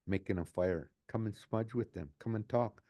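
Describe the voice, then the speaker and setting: Reflecting in an interview, a community advocate in his late sixties talks earnestly at a moderate pace. His voice is fairly low and dark, and he tends to repeat his phrases.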